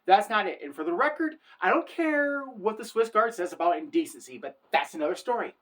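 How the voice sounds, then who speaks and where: A woman's voice: medium pitch, lively intonation, brisk, fairly bright tone. A woman in her forties telling personal stories to camera in an earnest, heartfelt way, often saying "for the record". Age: 40s. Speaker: vlogger. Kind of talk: personal storytelling monologue.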